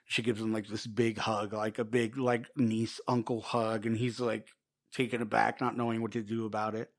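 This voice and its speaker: A man's voice: lowish voice, flat delivery, normal speed. Rambling man retelling a comic story. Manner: rambling, filler-heavy, loosely acts out quoted lines. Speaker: podcast co-host. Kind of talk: casual chat retelling a comic.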